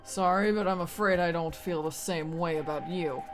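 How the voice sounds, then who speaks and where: A woman's voice: on the low side, steady tone, moderate pace, music in the background, lightly acted. Woman reading a wisecracking lone-wolf detective. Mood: dry. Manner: dry, wisecracking, defiant. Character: tough male detective, lone wolf father. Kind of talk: reading game dialogue aloud.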